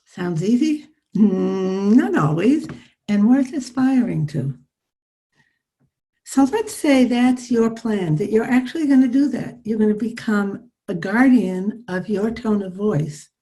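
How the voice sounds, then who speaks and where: An older woman psychologist teaching a live online workshop over a video call, with a calm, soothing coaching manner. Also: mid-range voice.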